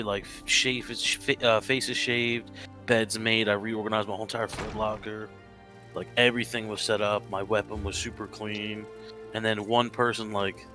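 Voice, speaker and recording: A man on a live stream telling jokey stories in casual chat, swearing freely and laughing at himself. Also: on the low side.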